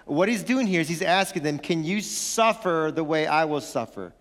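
High-voiced man preaching in a hall. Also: normal speed. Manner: animated, playful, acts out family quarrels. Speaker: pastor. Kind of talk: sermon.

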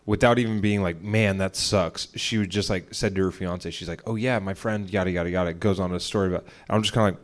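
Low-pitched and steady in tone, this young podcast co-host talks quickly with hardly any pauses. In a casual, rambling chat full of profanity, he recounts an argument at home, voicing the people involved.

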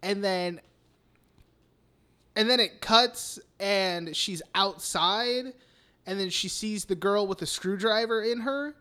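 A man's voice: high voice, slow, sharp tone, clear, resonant tone. A young man hosting a podcast, recapping a film in rambling, profane casual chat full of "like". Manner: rambling, profane, heavy use of "like". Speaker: podcast host.

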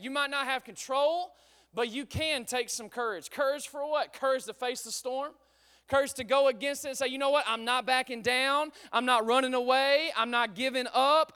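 Young pastor preaching, real high voice, bright and crisp, gets the room shouting. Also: male voice. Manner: energetic preaching, calls for shouts of praise. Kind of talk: sermon.

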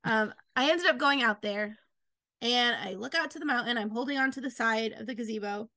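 A woman in her thirties tells stories in a bright, high-set voice with a gravelly rasp at the edges. She is animated and acts out every quoted line. The recording is close and dry. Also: a little fast, no echo. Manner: animated, acts out quotes with big pitch jumps. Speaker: author guest. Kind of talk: casual storytelling chat.

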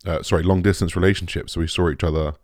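A young man speaks in a very low, deep voice, recorded dry and close with no room sound. He talks candidly to his audience, emotionally shaken, halting and restarting his sentences and swearing freely. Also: fairly even intonation, a little mellow, dry recording. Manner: raw, halting, swears often, many restarts and trailing off. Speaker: vlogger. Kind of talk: candid personal talk to camera.

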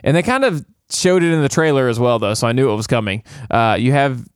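A man co-hosting a podcast, recapping a movie in a rambling, animated way and acting out characters' lines. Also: medium pitch, fast, clear, resonant tone, no echo, studio quality. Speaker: podcast co-host. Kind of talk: casual chat recapping a movie.

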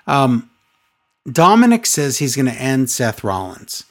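Sarcastic woman recapping with lively pitch. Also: a little slow. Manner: sarcastic, exasperated storytelling with mocking quoted voices. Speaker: wrestling recap podcast co-host. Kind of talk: casual chat recap.

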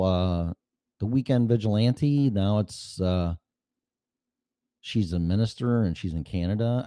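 Here a middle-aged podcast host carries a solo monologue, loose, wandering and full of profanity. His voice is medium-pitched and mellow, and the studio mic with mixer gives a dry recording.

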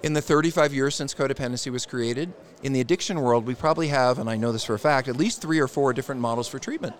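A man's voice: medium pitch, fast. A man appearing as a therapist guest on a podcast, speaking with blunt, emphatic conviction. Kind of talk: casual interview.

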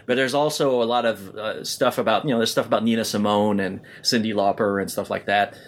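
A man co-hosting a podcast in casual chat, telling stories in an animated way, laughing often and restarting his sentences. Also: fairly low pitch, brisk. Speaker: podcast co-host.

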